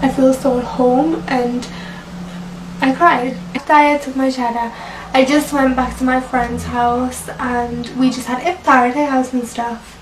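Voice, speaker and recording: A woman's voice: high-pitched, flat delivery, a little slow, noisy background. A young woman telling a personal story to the camera in an emotional, chatty way, full of "like" and "you know". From Britain. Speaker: vlogger. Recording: echoey room, mic at a distance.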